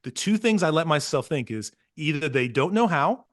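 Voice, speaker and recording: A man guest on a podcast, telling parenting stories with earnest, animated energy and acting out what others said. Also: fairly high pitch, moderate pace. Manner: earnest, animated storytelling, acts out quotes. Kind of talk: casual podcast conversation.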